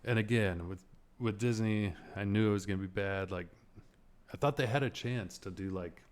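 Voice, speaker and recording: A man's voice: on the low side, moderate pace, smooth. A man talking casually as a podcast host, rambling and sarcastic, swearing freely and laughing often as he vents. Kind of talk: casual movie rant.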